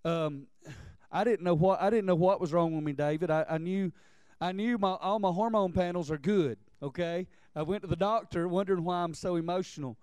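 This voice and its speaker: A man of about forty preaches with heartfelt urgency, tripping over repeated words as his passion climbs. His voice sits high and rings clean and smooth. The sound is close and dry, with no room around it. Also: brisk, darkish tone, no echo. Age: 40s. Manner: earnest, stammering restarts, building in intensity. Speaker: pastor. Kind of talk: sermon.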